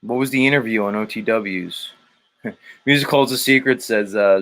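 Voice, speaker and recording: A man's voice: lowish voice, normal speed, a bit bright. A man hosting a casual livestream show, rambling, joking and swearing as he reads viewer comments aloud.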